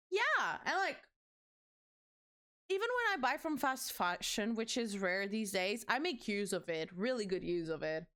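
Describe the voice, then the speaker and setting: A woman's voice: mid-range voice, a bit bright. A young woman chatting casually on a live stream as she builds, rambling and talking to her chat, her voice a little strained. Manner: chatty, rambling, self-described yapper.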